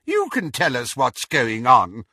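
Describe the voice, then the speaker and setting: A proud, brisk older witch, put on by a man reading aloud, clipped and commanding. Her voice sits high and bright with a slightly husky grain. It is a dry, close storybook reading. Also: wildly swooping pitch, no echo, exaggerated voice. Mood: crisp. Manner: crisp, commanding.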